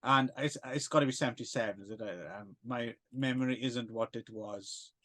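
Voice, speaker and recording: A man's voice: mid-range voice, normal speed, a bit bright. A man co-hosting a casual film podcast, rambling and hesitant with plenty of fillers and self-deprecating asides. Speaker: podcast co-host.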